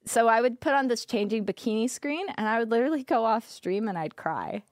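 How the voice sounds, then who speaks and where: A woman's voice: a little high, animated, brisk, darkish tone, no echo, clean studio sound. Candid young woman, filler-heavy chat. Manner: casual, filler-heavy with frequent "like", laughs often. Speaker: podcast guest, former streamer.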